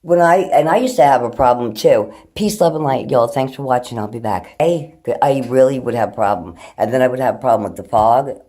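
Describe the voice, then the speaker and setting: With a warm, expressive bass voice, a middle-aged woman speaks a little fast and barely pauses. She's vlogging at home indoors on a hand-held phone, rambling casually to camera, swearing freely and talking with her pets.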